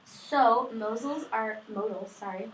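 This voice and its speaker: A woman's voice: on the high side, slow, a crowd in the background. A young woman, a student, casually summarizing her reading for a study group, chatty and full of fillers and self-deprecating asides. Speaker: student presenter. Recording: echoey room, distant mic, faint noise.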